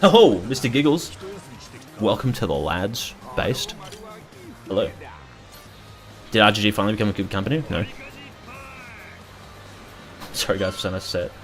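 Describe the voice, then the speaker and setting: A man's voice: fairly low pitch, expressive, normal speed, pauses often, soft background music. Rambling young Australian man streaming. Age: 20s. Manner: rambling, profane, jokey. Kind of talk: casual chat while streaming a game.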